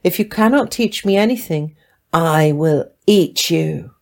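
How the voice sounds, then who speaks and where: A woman voicing a huge, greedy male dragon who growls in a deep voice in a read-aloud storybook. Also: unhurried, vocal fry, a little mellow. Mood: growling.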